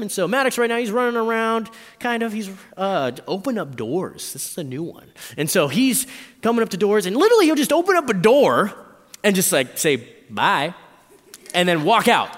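Male preacher, animated storyteller, expressive range, echoey hall. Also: on the high side. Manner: animated storytelling with quick voice swings, frequent "right?". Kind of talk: sermon.

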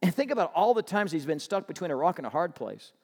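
A man preaching a sermon as pastor, animated and humorous, firing rhetorical questions at the congregation. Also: on the high side, fast talker, slightly rough, in a large hall.

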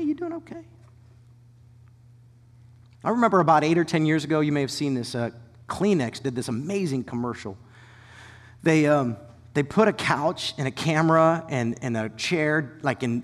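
A man preaching a sermon as a pastor, shifting between animated storytelling and hushed, whispered emphasis. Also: on the high side, long reverb tail. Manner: animated storytelling with quick asides.

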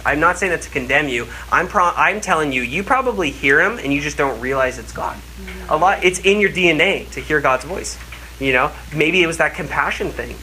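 A man's voice: mid-range voice, pushed and bright, a little hiss or hum, rough recording. A man preaching a sermon, telling stories casually and acting out quotes with animation.

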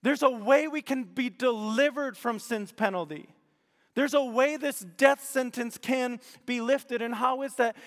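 A man's voice: extremely high pitch, long reverb tail. A male pastor delivering a sermon, emphatic and fond of repeating his key phrases.

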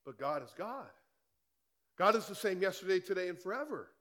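A man's voice: high voice, big pitch swings, moderate pace, bright, forceful tone. A male pastor preaching a sermon in a conversational way, firing rhetorical questions at the congregation in church.

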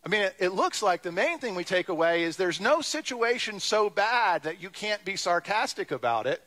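High-voiced guy preaching, bouncy and wry, acts out the voices. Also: very animated, moderate pace, pushed and bright. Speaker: pastor. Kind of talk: sermon.

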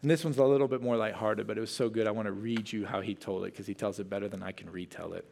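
A man preaching a sermon as pastor, telling a humorous story and then leading his congregation in quiet, earnest prayer. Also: on the low side, fast talker, vocal fry. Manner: storytelling, reads a humorous story aloud with lively emphasis.

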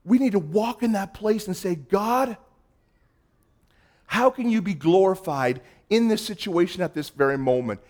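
A man preaching a sermon as pastor, moving between loud emphasis and hushed, quiet passages and acting out quoted voices. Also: sits high, normal speed.

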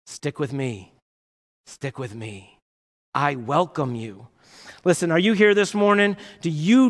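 A man preaching a sermon as pastor, passionate and emphatic, full of rhetorical questions. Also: high voice. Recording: reverberant church hall.

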